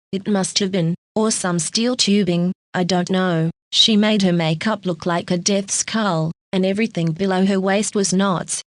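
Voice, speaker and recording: A woman narrating a first-person audiobook in a steady, even read-through. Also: medium pitch, no room sound.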